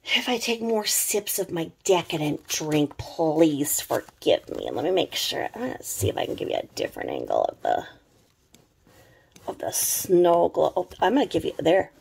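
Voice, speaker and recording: A woman's voice: low voice, huge pitch swings, normal speed, gravelly, darkish tone, breathy edge. A middle-aged woman with a slightly sore throat, rambling in casual, sarcastic commentary full of fillers. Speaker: commentary vlogger.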